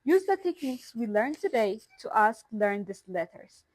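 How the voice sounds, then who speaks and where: A woman hosting a language channel, slowly sounding out letters and syllables in a pronunciation lesson. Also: fairly high pitch, big pitch swings, dry recording. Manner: slow, careful, sounding out each syllable. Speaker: language teacher and channel host.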